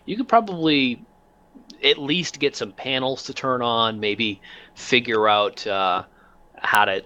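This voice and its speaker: A man narrating as game master, talking in a halting way with many fillers. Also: on the low side, pushed and bright.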